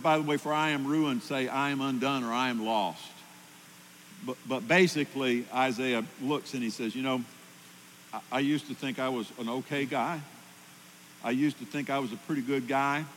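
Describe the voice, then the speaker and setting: Male pastor preaching with emphasis, mid-pitched voice, long hall reverb with a light background hum. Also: steady tone, normal speed. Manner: emphatic, rises loudly at key points. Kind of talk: sermon.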